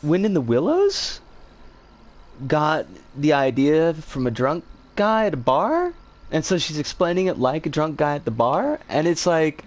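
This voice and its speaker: A woman streaming live and chatting with her viewers, her pitch leaping all over the place from high squeals down to low mutters. She talks in a rambling, self-deprecating way, exclaims often and swears freely. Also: very animated, unhurried, a little mellow. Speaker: livestreamer. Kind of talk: casual livestream chat, reacting to chat.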